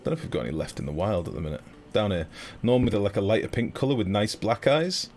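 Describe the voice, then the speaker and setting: Excitable deep-voiced streamer. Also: male voice, fast, faint music behind. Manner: chatty, excitable, swears freely, talks to chat. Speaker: game streamer. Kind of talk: casual live-stream commentary.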